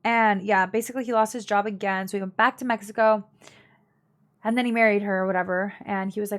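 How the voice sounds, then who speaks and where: A woman's voice: medium pitch, fairly even intonation, fast. Young woman streamer, casual and blunt, gossipy family storytelling for her live chat, full of fillers.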